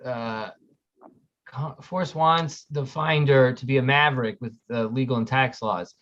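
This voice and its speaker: A man's voice: fairly high pitch, fairly bright tone. A man co-hosting a casual livestream, reading viewer comments and ranting bluntly with frequent swearing. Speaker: podcast co-host reading chat. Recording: muffled lo-fi audio.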